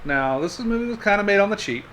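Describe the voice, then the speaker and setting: A man's voice: high-pitched, animated, fast talker, fairly bright tone. A man hosting a podcast, telling stories in casual chat, joking and laughing often. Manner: storytelling, jokey, laughs often. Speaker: podcast host.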